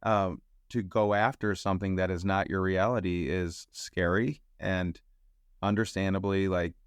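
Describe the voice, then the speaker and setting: A man telling a personal story as a podcast guest, acting out the voices of other people and jumping up in pitch when excited. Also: measured pace, clear, resonant tone, no room sound, clean studio sound. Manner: acts out quotes, rises sharply in pitch when excited. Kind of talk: animated storytelling.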